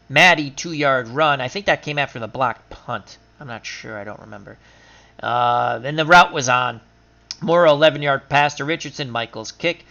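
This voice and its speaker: A man narrates his simulated football game in a loose, chatty stream style, reeling off scores, player names and stats. His voice is bright and tense, a bit higher than most men's. The sound is dull and lo-fi. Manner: chatty, recaps stats in quick lists, laughs at his own losses. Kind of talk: casual stream commentary.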